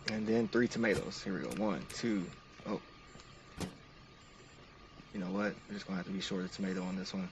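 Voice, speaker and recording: A man's voice: low-pitched, a little fast, long pauses, recorded from a distance, background noise. A man narrating each step of a game to his stream chat in an upbeat, casual way.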